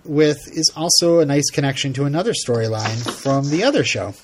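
A man's voice: fairly high pitch, expressive, a little fast, slight background noise. A man hosting a casual podcast chat, laughing often and reading out listener feedback. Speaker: podcast host.

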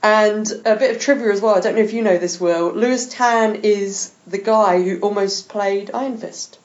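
A woman hosts a podcast in a chatty, enthusiastic way, laughing often as she talks. Her voice sits in a middle pitch. The recording sounds a little dull and lo-fi. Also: normal speed. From England. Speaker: podcast host. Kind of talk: casual chat.

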